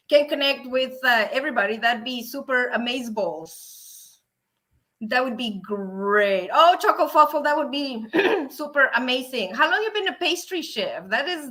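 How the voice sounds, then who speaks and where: A woman hosting a casual livestream, excitable and laughing often as she chats with viewers. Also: sits high. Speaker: livestream host. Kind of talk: casual livestream chat reading viewer comments.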